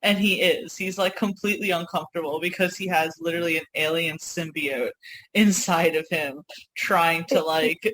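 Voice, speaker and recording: A woman's voice: on the low side, normal speed, a bit bright, rough recording. A woman with a New York accent co-hosting a casual podcast, telling rambling stories with frequent laughs and apologetic asides. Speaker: co-host.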